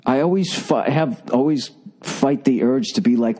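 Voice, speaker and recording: A man's voice: medium pitch, a little slow, dark tone. A middle-aged man hosting a podcast, ranting with exasperated, profane comic energy. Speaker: podcast host. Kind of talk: comedic rant.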